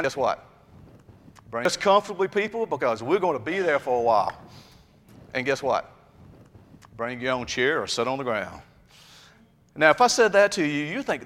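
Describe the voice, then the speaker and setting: Folksy preacher in a hall. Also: male voice, fairly high pitch, very animated, brisk, long pauses, fairly bright tone. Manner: conversational, folksy preaching with rising emphasis. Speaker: pastor. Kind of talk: sermon. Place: church sanctuary. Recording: long reverb of a church hall.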